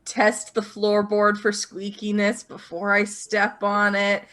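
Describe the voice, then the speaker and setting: A woman playing a tabletop game, slowly and softly describing her character's actions. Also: medium pitch, completely flat delivery. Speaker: player. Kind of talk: casual tabletop role-play.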